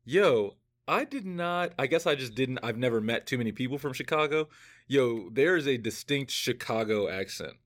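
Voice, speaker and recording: Male podcast host, late twenties, playful and quick to laugh, mid pitch. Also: animated, a bit bright. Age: late 20s. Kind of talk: casual chat.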